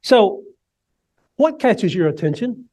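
A man preaching a sermon, swinging from hushed, low lines up to ringing cries, and leading the congregation in repeating phrases. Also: big pitch swings, slow. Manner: leads the congregation in call and response. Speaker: pastor.

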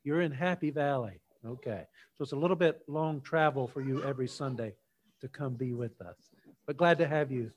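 A male pastor preaching a sermon in church, opening with a folksy, unhurried joke story before his teaching. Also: medium pitch, slight background noise.

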